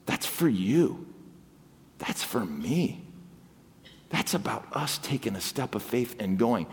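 A man preaching a sermon as guest preacher, swinging between excited exclamations and hushed asides. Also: medium pitch, slow pace, slightly rough. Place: church sanctuary. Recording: long hall reverb.

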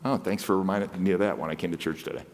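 A man preaching a sermon as guest preacher, swinging between excited exclamations and hushed asides. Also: low voice, rapid-fire. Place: church sanctuary. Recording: long hall reverb.

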